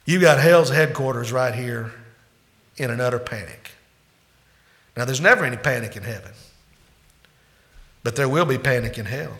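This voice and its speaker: Male pastor, sermon, bright and forceful voice, builds to loud peaks then drops low. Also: moderate pace, long pauses. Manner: emphatic preaching that swings between loud climaxes and hushed asides.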